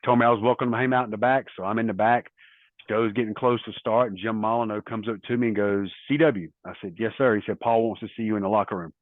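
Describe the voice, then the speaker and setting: Middle-aged male guest, lowish voice, anecdotal and rambling, phone-quality audio. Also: steady tone, fast, dry recording. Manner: rambling anecdotal storytelling with quoted dialogue. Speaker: interview guest, former wrestler. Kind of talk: casual storytelling interview. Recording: tinny phone-like line, dry.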